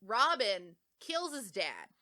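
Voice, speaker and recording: A woman on a podcast, recapping a story in a loose, chatty way. Her tone is bright and forward, and her sentences run on, packed with "like" and mid-sentence fixes. Her pitch sits in the middle of the female range. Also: huge pitch swings, slow pace. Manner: rambling, heavy on "like" fillers, self-correcting. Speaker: podcast co-host. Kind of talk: casual book summary.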